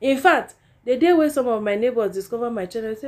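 A woman's voice: fairly high pitch, animated, quick pace. A woman with a Nigerian accent, a talkative YouTuber giving casual commentary and chatting in Pidgin and English. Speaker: celebrity gossip YouTuber.

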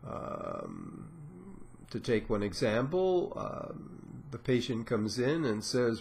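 A man giving an informal lecture, explaining step by step with frequent pauses and filler sounds. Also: medium pitch, huge pitch swings, vocal fry, darkish tone. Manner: explanatory, unhurried, many "uh" and "um" pauses; acts out patient dialogue in a raised voice. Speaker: lecturer on psychoanalysis.

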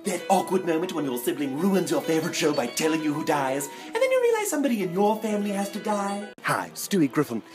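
Stewie, a posh sinister baby. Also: male voice, on the high side, sing-song, fast, hardly any pauses, music in the background. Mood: smug. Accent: put-on posh English. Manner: haughty, theatrical, sudden squeals. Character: bratty scheming baby boy, pompous and sinister. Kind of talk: comedy sketch impression.

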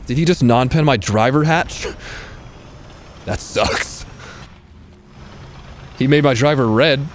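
A man giving live gameplay commentary as a streamer, excitable, swearing freely and mocking himself. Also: mid-range voice, a little hiss or hum. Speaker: gaming streamer.

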